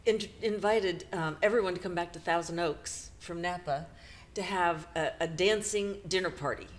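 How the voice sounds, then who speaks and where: A middle-aged woman with a lowish voice co-hosts a podcast, retelling a painful personal story haltingly and emotionally, with nervous laughs.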